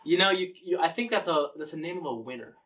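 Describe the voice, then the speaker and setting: A young male comedian chats in a relaxed, joking way and swears often. He sits a little back from the microphone. A faint hum of room noise runs under his voice. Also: fairly high pitch, fast, distant mic. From Cincinnati, Ohio. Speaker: comedian guest. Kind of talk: casual chat.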